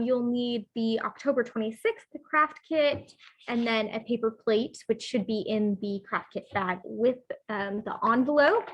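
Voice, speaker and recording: Slow-paced woman reading to kids. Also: high-pitched, highs cut off, slight background noise. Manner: gentle, instructive, with fillers. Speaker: children's program presenter. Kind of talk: storybook reading and craft tutorial for kids.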